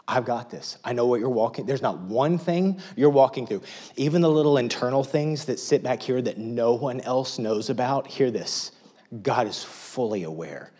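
A middle-aged male pastor preaching a sermon in a church, dropping to near-whispers and rising to loud, emphatic pleas. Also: medium pitch, normal speed, slightly rough. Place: church auditorium.

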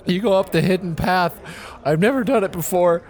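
A man voicing a tearful, naive young male dwarf sandwich maker in a tabletop game, raising his voice high and pleading. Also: normal speed, darkish tone, lightly acted. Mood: distraught. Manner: sobbing, pleading, high and wobbly.

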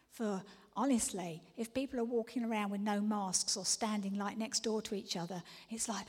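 A woman's voice: mid-range voice, fairly even intonation, fairly quick, few pauses, a little mellow, slightly rough. A woman preaching a sermon, earnest, often dropping to a whisper before emphatic declarations. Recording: long reverb of a large hall.

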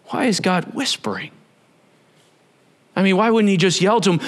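Animated male preacher, shouts to whispers. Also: a little high, a little slow. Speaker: pastor. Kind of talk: sermon.

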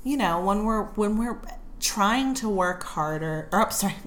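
A woman's voice: mid-range voice, animated, unhurried, slight background noise. A young adult woman, a fourth grade teacher, chatting casually with a co-host, laughing easily and acting out quotes. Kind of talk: casual chat.

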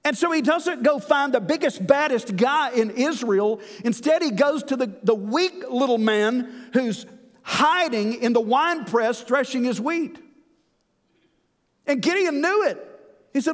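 High-voiced male preacher in a reverberant hall. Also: lively intonation. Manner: earnest preaching, slows down to stress key lines. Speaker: pastor. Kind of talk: sermon.

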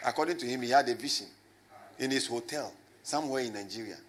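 Animated man preaching a sermon. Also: fast. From Ghana. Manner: animated, rising to shouts and dropping low, with call and response. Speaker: pastor.

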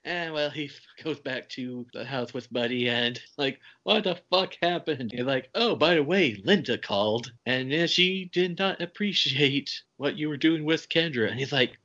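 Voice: medium pitch, expressive, moderate pace, hardly any pauses, a bit bright. A podcast host recapping a movie in casual chat, laughing while retelling scenes. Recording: dull, lo-fi podcast audio.

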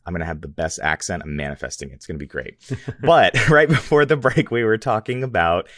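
Male co-host, playful coach energy, low voice, dry studio sound. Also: animated, fairly quick, fairly bright tone, no echo. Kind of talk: casual podcast chat.

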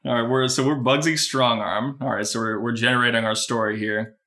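A man's voice: medium pitch, steady tone, fairly quick, bright, forceful tone. A man hosting a casual podcast with friends, upbeat and rambly, often restarting his sentences. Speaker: podcast host running an AI text adventure.

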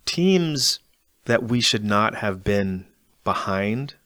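A man hosting a casual conversation, telling lively stories about a relay race. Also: fairly low pitch, normal speed, no room sound. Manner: lively storyteller recounting a race.

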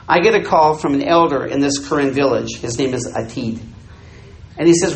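An older male missionary with a slightly high voice preaches a sermon, telling a story and acting out its dialogue for his congregation while joking with them. He's animated, and the low-quality recording sounds roomy, with a little hiss or hum.

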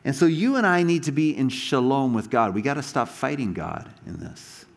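A man's voice: mid-range voice, animated, normal speed, gravelly. A man preaching a sermon, telling stories animatedly with frequent restarts and asides. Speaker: pastor.

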